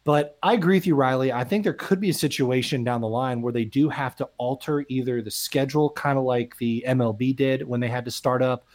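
A man's voice: mid-range voice, fairly quick, hardly any pauses, a little mellow. A man co-hosting a casual sports podcast, talking in an earnest, conversational way with plenty of fillers. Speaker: podcast co-host.

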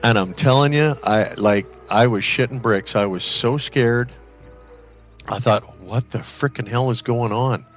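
A man co-hosting a podcast, casually telling a ghost story and acting out the voices of people in it. He often restarts and repeats words when he gets excited. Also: mid-range voice, unhurried, faint music behind. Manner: lively storytelling, acts out quoted voices. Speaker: podcast co-host.

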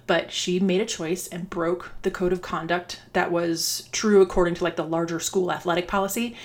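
A woman dance coach giving earnest, conversational advice to other coaches. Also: on the low side. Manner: earnest, conversational, restarts and fillers. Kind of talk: instructional talk to coaches.

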